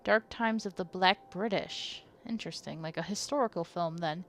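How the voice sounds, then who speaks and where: A young woman streaming a story game, reading its text aloud and reacting as an easily frightened player. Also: on the low side. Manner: easily frightened, reads text slowly and softly.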